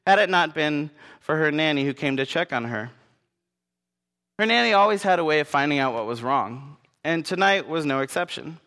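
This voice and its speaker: Speaking in a slightly high voice for a man, he narrates a story with earnest gentleness, now and then turning to the people listening. A long reverb lingers after his words.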